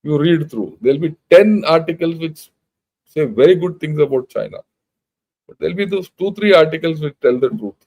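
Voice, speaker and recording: Older man, Indian English accent, channel host, emphatic, blunt, slightly high voice. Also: expressive, normal speed, phone-quality sound. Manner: emphatic, blunt, conversational with many restarts. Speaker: retired army general, channel host. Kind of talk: informal talk reading news aloud.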